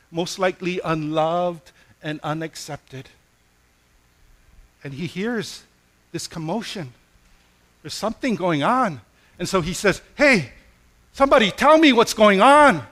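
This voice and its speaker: A male pastor delivers a sermon at an unhurried, deliberate pace. His voice is bright and slightly high for a man. He tells his stories with drama and softens to a gentle hush for the lines that matter most. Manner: slow, gentle and hushed on key phrases.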